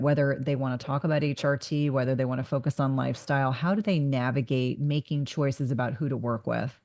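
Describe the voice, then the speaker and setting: A woman's voice: very deep voice, darkish tone. A woman in middle age hosting a podcast interview, talking in an earnest, reflective way and sometimes repeating words as she thinks. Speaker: podcast host. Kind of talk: casual interview conversation.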